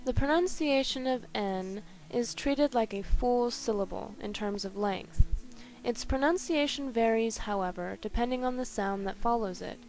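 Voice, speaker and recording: A woman reading a scripted language lesson carefully, slowing down to spell out each example. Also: a little high, a little mellow. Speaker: language teacher.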